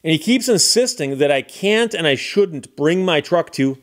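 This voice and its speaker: A man from the Detroit area, hosting his own channel, tells a casual anecdote with animated delivery and acts out the dialogue. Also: fairly high pitch, moderate pace. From Detroit area, Michigan. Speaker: channel host.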